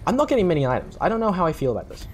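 A man's voice: high-pitched, big pitch swings, racing. Rambling late-night gamer guy, faint music. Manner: rambling, self-deprecating, swears freely. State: tired from recording late at night. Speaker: gaming YouTuber. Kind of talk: casual gameplay commentary.

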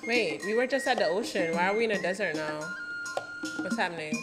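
A woman reacting out loud to music videos in a casual, excitable way, laughing and exclaiming. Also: mid-range voice, a little fast. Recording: clear music underneath. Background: music playing.

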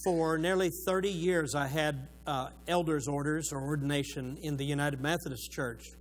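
Middle-aged male pastor, Oklahoma southern accent, raised pitch, jovial but sincere; pulpit mic in a church sanctuary. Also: fairly even intonation, normal speed, low-quality recording. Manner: warm joking asides, earnest about faith. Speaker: retired pastor, guest preacher. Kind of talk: church greeting and sermon introduction.

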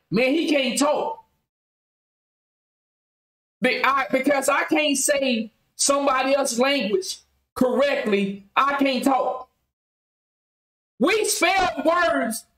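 A man's voice: very high voice, pushed and bright, echoey room, poor audio. A man hosting a casual podcast, talking in an emphatic, riled-up way. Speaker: podcast host.

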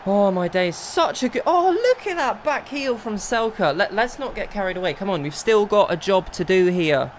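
Excitable young gaming commentator. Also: male voice, high voice, moderate pace, hardly any pauses, slight background noise. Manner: excitable, swings between exasperated outbursts and calm planning. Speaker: gaming video creator. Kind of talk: live gameplay commentary.

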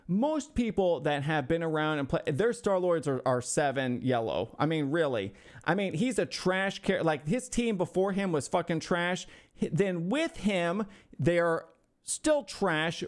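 A man streaming a mock-insulting review of a viewer's game roster, ranting profanely and sarcastically in exasperation. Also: fairly high pitch. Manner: sarcastic, talks back to imagined hecklers. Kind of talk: mock-insulting livestream commentary.

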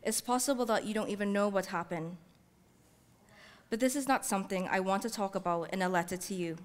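A woman author reading her fiction aloud in a measured, heartfelt first-person voice, using Caribbean-English dialect. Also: medium pitch. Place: library event space. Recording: long reverb from a large hall.

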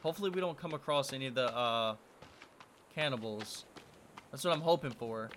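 Jittery young gamer talking to himself. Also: male voice, mid-range voice, expressive, fast talker, fairly bright tone, slight background noise. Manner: nervous, talks to himself while playing. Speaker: gaming video host. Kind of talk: let's play commentary.

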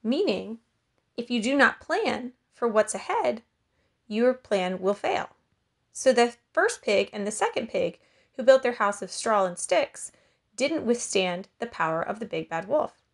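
A woman teacher giving a recorded lesson to schoolchildren and reading a story aloud in a clear, patient way. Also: on the high side, big pitch swings, measured pace.

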